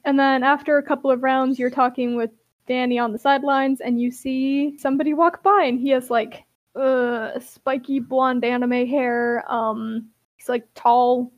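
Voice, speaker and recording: High-voiced giggly woman retelling a story. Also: fairly even intonation, moderate pace, dull audio. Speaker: podcast host. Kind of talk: casual chat.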